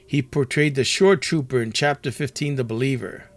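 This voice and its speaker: A man's voice: mid-range voice, moderate pace. A man co-hosting a podcast in casual chat, animatedly retelling movie scenes and doing the characters' voices. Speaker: podcast co-host.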